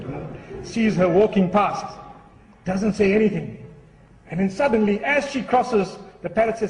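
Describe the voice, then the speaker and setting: High-voiced man preaching in an echoey hall. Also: moderate pace, a little mellow. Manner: earnest, storytelling. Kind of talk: sermon with a humorous story. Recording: echoey hall, far from the mic.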